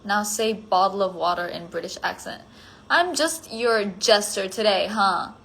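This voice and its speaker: A woman's voice: mid-range voice, measured pace, gravelly, fairly bright tone, low-quality recording. A woman chatting casually on a phone livestream, answering fan comments. She is giggly and self-conscious, with lots of "like" fillers.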